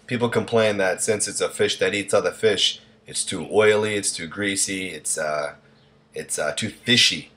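A man's voice: sits low, fairly bright tone. A man with a Boston accent hosting a casual cooking demonstration, talking in a chatty, offhand way with frequent fillers. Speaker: cooking show host.

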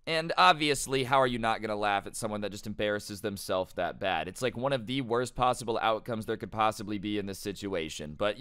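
A young man hosting a casual storytime, telling the story in a slangy, animated way. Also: mid-range voice, clear, resonant tone, no room sound, clean studio sound. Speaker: storytime host.

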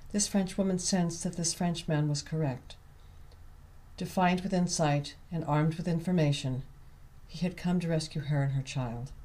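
A man reading his own novel aloud at a slow, deliberate pace. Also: a little high, a little mellow. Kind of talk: audiobook narration.

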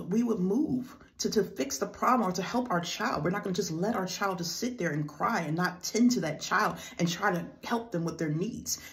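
A woman's voice: medium pitch, creaky. A woman giving a devotional teaching, reading scripture aloud and then explaining it plainly in her own words. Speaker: preacher.

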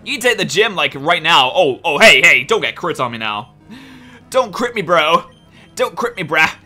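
A man hosting a gameplay commentary, excitable and exasperated, swearing often and pleading with the game. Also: on the high side, moderate pace, faint music behind. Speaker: let's play host.

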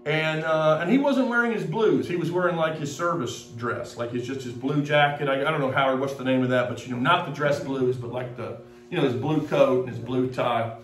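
A man, a pastor from Mississippi, telling a halting, rambling story in a sermon with many restarts. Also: mid-range voice. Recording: roomy echo, distant from the mic, faint music.

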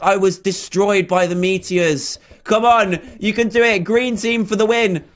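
A man commentating a video game minigame excitedly, repeating phrases and often laughing. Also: sits high, moderate pace, few pauses. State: out of breath. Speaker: gaming video host.

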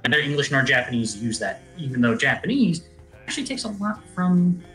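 A man on a voice call, calmly explaining a point at length like a small lecture, with ums along the way. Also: a little high, brisk, roomy sound, faint music behind, rough recording. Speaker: guest player on a call. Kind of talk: casual chat on a game stream.

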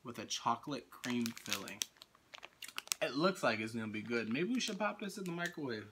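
Man, casual vlog co-host, teasing and slangy, animated pitch, noisy background. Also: normal speed. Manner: laid-back, slangy, teasing. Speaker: snack-tasting vlog co-host. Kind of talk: casual chat. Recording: noisy background with crinkling wrappers.

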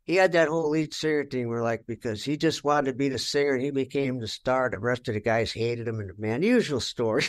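Fairly quick and mid-range in pitch, an older man gives a frank interview about his rock guitar days. He tells stories with plenty of cursing, bluntly, and mimics his own past words.

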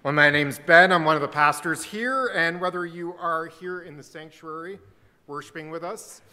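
A man's voice: on the high side, moderate pace. A man, a pastor giving a storytelling sermon in a church sanctuary. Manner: storytelling, warm and conversational. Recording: church sanctuary with long reverb.

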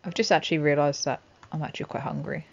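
A woman's voice: low voice, fairly even intonation, fast talker, creaky, darkish tone, highs cut off. A woman giving chatty, giggly let's-play commentary as she plays a farming game. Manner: chatty, giggly, talks to herself. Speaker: gaming channel host.

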